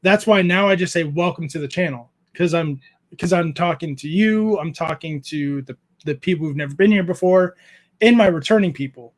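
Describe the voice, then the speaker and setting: A man in his thirties with a fairly high voice hosts a casual creator chat. He talks in a laid-back way, swears freely and laughs often as he tells stories about home. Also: normal speed. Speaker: podcast host interviewing a YouTuber.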